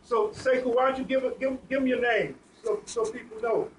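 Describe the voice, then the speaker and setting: A man moderating a community panel, encouraging people to introduce themselves, with halting restarts. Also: very high voice, steady tone. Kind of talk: panel discussion. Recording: distant mic, faint noise.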